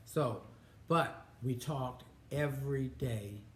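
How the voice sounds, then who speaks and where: A man in his fifties co-hosting a marriage advice chat, halting and often restarting his words. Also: mid-range voice, fairly bright tone, a little hiss or hum. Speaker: co-host. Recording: roomy echo, faint ambience.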